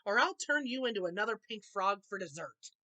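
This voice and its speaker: A woman voicing a greedy, spiteful male elf in a storybook read-aloud, with a shrill, blustering manner. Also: animated, a little fast, pushed and bright. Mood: threatening.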